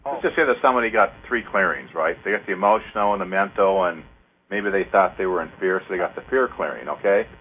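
Man, radio host, meandering and filler-heavy, husky tone, tinny narrow-band sound. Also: sits low. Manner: rambling, halting, many fillers, counts aloud slowly. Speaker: host leading an energy clearing. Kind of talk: casual radio talk.

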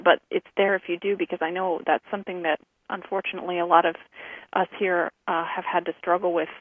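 A woman co-hosting a talk show, speaking in a casual, hesitant way with many pauses and fillers. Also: on the low side, husky, dry recording. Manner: hesitant, many ums and restarts. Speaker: co-host. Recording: dry phone-like line.

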